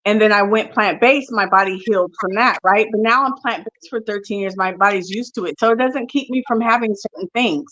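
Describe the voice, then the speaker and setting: A woman's voice: mid-range voice, a little fast, hardly any pauses, fairly bright tone, dull audio. A woman guest telling her story candidly and expressively in a casual interview, with frequent fillers.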